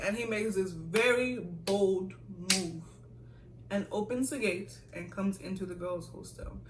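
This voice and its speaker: A young woman from the United States telling a story in a casual vlog Q&A, animated and quick to laugh. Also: mid-range voice, reverberant, far from the mic, poor audio. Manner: animated, acts out quoted voices, laughs often. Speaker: vlogger.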